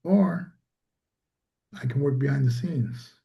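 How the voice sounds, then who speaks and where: A man's voice: mid-range voice, slow, gravelly, dark tone, low-quality recording. A man, a small business owner, telling a story in casual conversation and acting out quoted dialogue.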